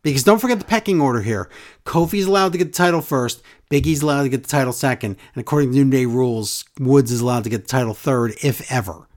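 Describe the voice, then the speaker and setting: A man hosting a podcast in casual, opinionated chat, animated and mocking, acting out quoted wrestlers in exaggerated voices. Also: medium pitch, quick pace.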